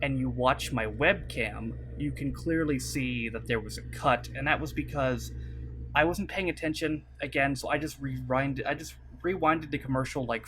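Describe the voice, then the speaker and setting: A man's voice: mid-range voice, a bit bright, a little hiss or hum. A young man making a casual vlog from his computer desk, rambling with lots of fillers and apologizing. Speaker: YouTuber. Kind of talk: casual vlog talk to camera. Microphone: desk mic at webcam setup.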